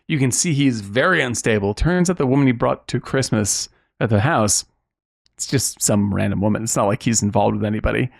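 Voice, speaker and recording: A man co-hosting a podcast in a casual film discussion, animated and acting out quotes in a raised voice. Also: medium pitch, fairly quick, creaky. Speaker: podcast co-host.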